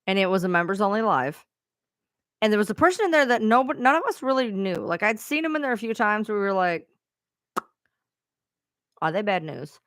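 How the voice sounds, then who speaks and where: A woman's voice: mid-range voice, animated, fast, a bit bright, no echo. Chatty lady streamer rambling a story to her viewers, swears a lot, dry close audio. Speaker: live streamer.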